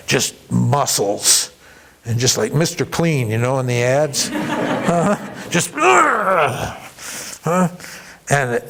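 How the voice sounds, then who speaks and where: A man's voice: mid-range voice, creaky, a bit bright. Chuckling male spiritual teacher. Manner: chuckling asides, frequent rhetorical "huh?". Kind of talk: workshop teaching on devotion.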